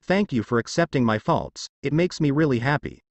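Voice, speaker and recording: Motherly goddess, gentle and guilt-laden, a man reading her lines. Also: mid-range voice, expressive, fairly quick, no echo, natural voice. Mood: guilty, sad. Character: gentle motherly female earth goddess, tiny fairy form.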